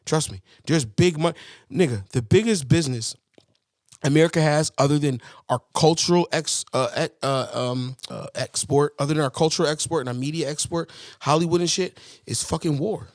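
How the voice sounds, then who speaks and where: A man co-hosting a casual comedy podcast, rambling, profane and animated, laughing often, on a podcast mixer mic. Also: a little high, moderate pace, no echo, studio quality. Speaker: podcast co-host.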